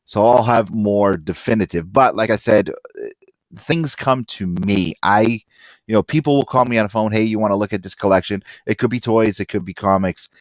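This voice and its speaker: A man co-hosting a podcast in casual chat. He tells stories with animated energy and acts out the people he quotes. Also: on the low side, moderate pace, no room sound. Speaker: podcast co-host and comic collector.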